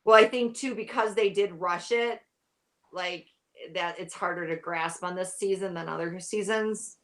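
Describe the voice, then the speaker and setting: A woman's voice: fairly low pitch, a little slow, a bit bright. Woman, guest, tired, rambling, casual chat. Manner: rambling, heavy use of "like". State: tired, yawning. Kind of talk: casual chat about a TV show.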